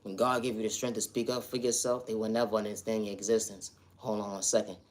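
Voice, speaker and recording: A man delivering an earnest spiritual motivational monologue, repeating affirmations and now and then breaking into loud, high shouted refrains. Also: flat delivery, quick pace. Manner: repetitive affirmations, earnest and emphatic. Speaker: spiritual vlogger.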